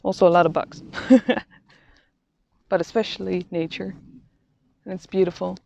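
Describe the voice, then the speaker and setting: A woman talking through a reflective vlog while out on a quiet walk in nature, halting and thoughtful, often restarting her sentences. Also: fairly low pitch, flat delivery, creaky. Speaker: vlogger. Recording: dull, slightly lo-fi sound.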